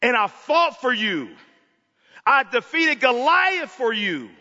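A man preaching a passionate sermon in a church, swinging between loud cries and hushed, quiet lines. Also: very high-pitched, sing-song, takes it slowly. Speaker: pastor. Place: church sanctuary. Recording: dull sound with long hall reverb.

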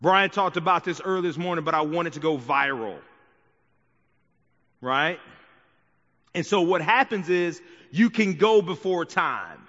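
Man, fairly high voice, preaching, conversational asides, long church reverb, muffled sound. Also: lively intonation, unhurried, pauses often, fairly bright tone. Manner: conversational preaching with frequent "right?" and "okay?" asides. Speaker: pastor. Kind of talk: sermon. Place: church sanctuary.

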